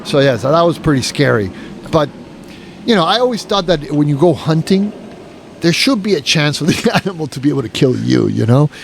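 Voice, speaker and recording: Gravelly man telling a rambling story. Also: fairly high pitch, sing-song, a little fast, slight background noise. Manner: rambling, profane, full of "you know" and restarts. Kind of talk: casual podcast storytelling.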